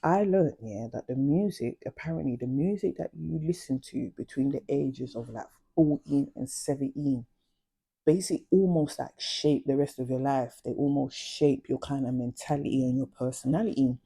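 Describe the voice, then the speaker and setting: A woman's voice: rumbling low, moderate pace, vocal fry, dark tone, breathy edge. A young adult woman, chatting casually and confidingly about her past in slang-heavy storytelling. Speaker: vlogger.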